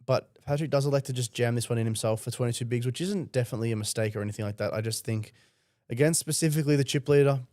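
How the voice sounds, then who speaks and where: A man's voice: medium pitch, very fast, mellow, no room sound, studio quality. Casual man breaking down poker hands. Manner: analytical, casual, explains plays. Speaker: poker commentator. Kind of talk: live poker strategy commentary. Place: commentary booth.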